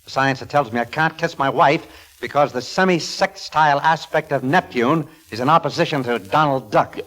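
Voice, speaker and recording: An actor playing a dryly exasperated astronomer husband in a 1940s radio comedy, with sardonic quips. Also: male voice, fairly high pitch, normal speed, fairly bright tone, close to an everyday voice. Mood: sardonic, giddy.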